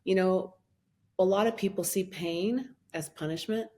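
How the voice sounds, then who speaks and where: Animated storytelling woman in her fifties. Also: medium pitch, a little slow. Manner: animated, acts out her own past words in a raised voice; laughs often while telling a story. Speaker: guest, minister and life coach. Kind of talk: personal storytelling in a podcast interview.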